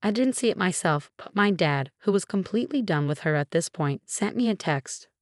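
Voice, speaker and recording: A woman narrating a story in a measured, even way. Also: on the low side, no room sound, clean studio sound.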